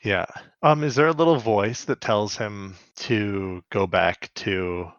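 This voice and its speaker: A man's voice: lowish voice, takes it slowly, a bit bright, no echo. A man co-hosting a podcast, joking and laughing through a casual episode recap. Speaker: podcast co-host. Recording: dull lo-fi mic.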